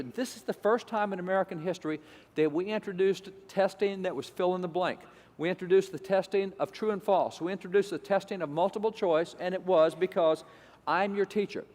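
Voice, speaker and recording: A man's voice: high voice, a little mellow, long reverb tail. A man giving an emphatic, repetitive lecture to an audience. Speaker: speaker.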